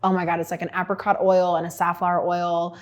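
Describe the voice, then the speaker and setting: A chatty middle-aged woman with a slightly low voice walks through her own skincare routine. She talks frankly and casually, like an esthetician sharing her habits. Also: little pitch movement, quick pace. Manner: chatty and frank, with lots of fillers.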